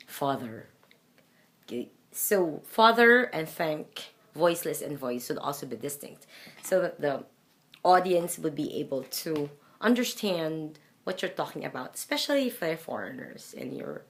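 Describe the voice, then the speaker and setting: A woman with a Filipino accent gives an English pronunciation lesson in a low, unhurried voice. She speaks deliberately, sounding out example words again and again as she explains them. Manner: slow, deliberate, demonstrating sounds with repeated examples. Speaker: English fluency trainer.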